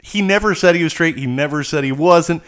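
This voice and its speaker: A man co-hosting a podcast, telling a rambling, animated story in casual chat. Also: a little high, fairly quick, clean tone. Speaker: podcast co-host.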